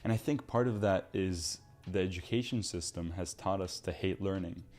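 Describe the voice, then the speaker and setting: A young man in his twenties talks straight to his viewers in an earnest, animated motivational monologue. His voice sits a little low, with a dark, mellow tone. He sounds like someone who wants his listeners to change their habits. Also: normal speed, faint music behind. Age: 20s. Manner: mocks friends in put-on voices. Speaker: self-improvement video host.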